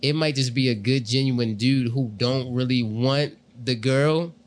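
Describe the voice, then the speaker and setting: A man's voice: mid-range voice, measured pace. A man co-hosting a podcast in casual banter, joking and slangy. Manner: joking, slangy, loud laughs. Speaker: podcast co-host.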